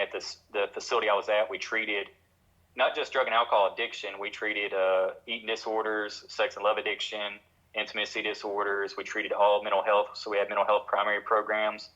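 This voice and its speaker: A man with a Tennessee drawl, a guest on a podcast, telling his story in fast, run-on sentences full of fillers. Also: fairly low pitch, sharp tone. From Tennessee, USA. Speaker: podcast guest, treatment center executive. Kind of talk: conversational storytelling. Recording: dull, lo-fi sound.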